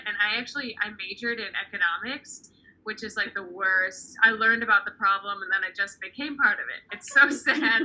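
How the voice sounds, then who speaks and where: A woman's voice: medium pitch, pushed and bright, slight background noise, poor audio. A young woman performing a stand-up comedy set over a video call, chatty and self-deprecating, often laughing at her own jokes.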